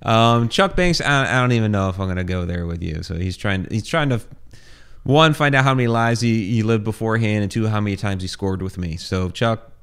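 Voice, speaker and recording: Guy hosting a chat show, low voice that moves around a lot, reads viewer questions. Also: brisk. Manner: relaxed, laughs, teasing. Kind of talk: casual chat.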